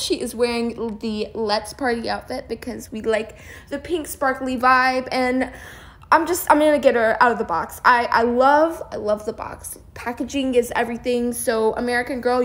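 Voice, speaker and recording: A young woman unboxing a doll for her vlog at home, talking in a high, gushing, excited voice with casual slang.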